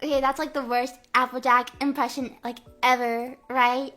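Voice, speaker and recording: A woman's voice: high voice, little pitch movement, normal speed, pushed and bright. A young woman streamer chatting casually and playfully on a live stream, full of valley-girl fillers.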